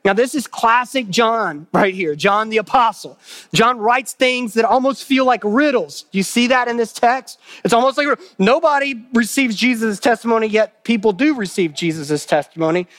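A pastor preaching a sermon, earnest, repeating phrases for emphasis and asking the listeners questions. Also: male voice, very high voice, expressive, normal speed, a bit bright, dry recording, clean studio sound.

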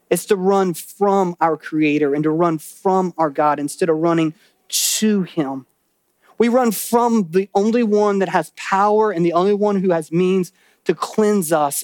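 A man preaching a sermon in a church, animated, acting out quotes and voices, and dropping low and serious for warnings. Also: no echo. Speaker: pastor.

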